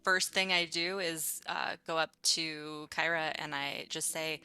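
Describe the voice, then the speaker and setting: Woman, tabletop player, cheerful, giggly, lowish pitch, faint music. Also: fairly even intonation, a little slow, few pauses, pushed and bright, clean tone. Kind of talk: tabletop game play.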